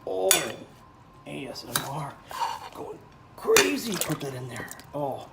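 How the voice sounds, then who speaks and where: A man's voice: mid-range voice, unhurried, gravelly, heavy background noise. A man making a casual cooking vlog at home, playful and exclaiming over the sounds, sometimes dropping into a whisper. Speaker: father vlogger. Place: home kitchen.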